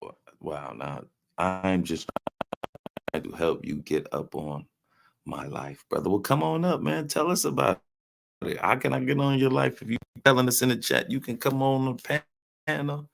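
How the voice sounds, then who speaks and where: A man's voice: medium pitch, normal speed, vocal fry, fairly bright tone, a little hiss or hum. A man hosting a casual live stream, teasing his chat with loose slang and frequent laughs. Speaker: livestream host reading chat.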